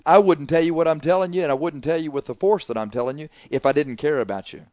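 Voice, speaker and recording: Forceful preacher man, dry sound. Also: fairly high pitch, no room sound. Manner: forceful, scolding, swings from loud emphasis to quiet asides. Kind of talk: sermon.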